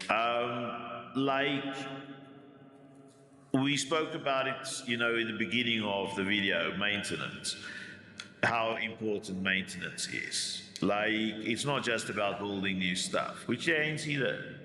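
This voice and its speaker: A bearded man in his forties from South Africa's East Rand with a rough Afrikaans accent, first reading a script and then rambling casually with many asides. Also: fairly low pitch, pushed and bright, reverberant, long reverb tail. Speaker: YouTube commentator.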